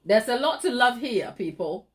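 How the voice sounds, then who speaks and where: A woman's voice: a little high, lively intonation, moderate pace. A woman hosting a baking channel, chatting and teasing viewers during a live stream while she decorates, laughing often.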